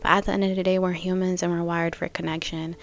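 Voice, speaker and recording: Low gravelly-voiced woman musing aloud. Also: level tone, fast talker. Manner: casual, musing, thinks aloud with many fillers. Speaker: podcast host. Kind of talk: reflective spiritual monologue.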